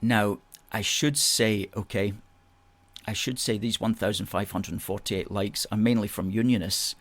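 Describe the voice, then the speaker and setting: A man's voice: fairly low pitch, steady tone, normal speed, no room sound. A man hosting a live chat show, reading out viewer comments and answering them. He is emphatic and repeats phrases and words of agreement. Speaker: host.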